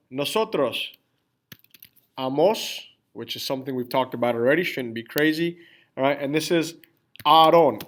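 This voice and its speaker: A slightly high, somewhat bright male voice belongs to a Spanish teacher typing on screen during a class. He breaks the grammar down step by step, spells out the endings, and frequently checks in with students by repeating "all right?"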